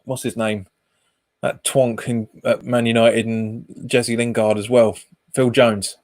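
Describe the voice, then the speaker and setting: A man's voice: medium pitch, flat delivery, slow pace. A man streaming a live football watch-along, calling passes and chatting casually with viewers, often repeating himself. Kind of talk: live match commentary and chat reading.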